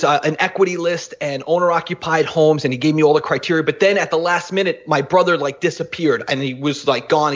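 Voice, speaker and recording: Excitable guy with a high voice, laughing through his story, kinda muffled lo-fi audio. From Florida. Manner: ebullient, laughs often, animated storytelling. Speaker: podcast guest. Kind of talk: energetic casual chat. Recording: dull lo-fi sound.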